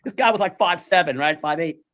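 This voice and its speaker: A man's voice: a little high, a little fast. A man telling a story in casual chat, animatedly acting out the voices of the people in it. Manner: animated, acts out quoted voices.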